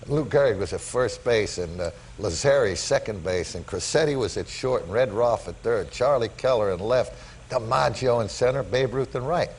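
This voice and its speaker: An older man, a talk show guest, telling animated stories about his life to the host. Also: medium pitch, moderate pace, few pauses, slight background noise, poor audio. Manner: animated storyteller, voice rising when excited. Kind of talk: storytelling in a talk show interview. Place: television studio with audience.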